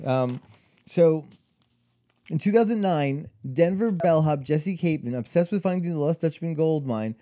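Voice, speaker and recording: A man's voice: a little high, expressive, normal speed, warm tone. A man co-hosting a podcast, telling a story in casual chat, rambling with lots of fillers and restarts. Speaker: podcast co-host.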